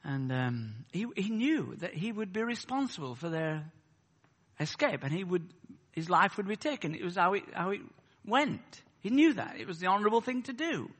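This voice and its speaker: A man preaching a sermon. He swings between loud, fervent peaks and soft, chatty asides. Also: high voice, expressive, moderate pace, in a large hall.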